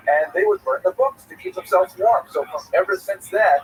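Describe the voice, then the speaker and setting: A middle-aged man, a rabbi giving a Talmud class, telling a personal anecdote in a rambling way with many fillers and restarts, a little flustered after rushing in. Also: high-pitched, huge pitch swings. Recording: distant mic with faint noise.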